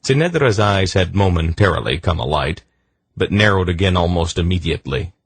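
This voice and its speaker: A male audiobook narrator reads in a measured, deliberate way. His voice is very deep with a husky edge. The recording is dry and close. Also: expressive, dry recording. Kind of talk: scripted narration.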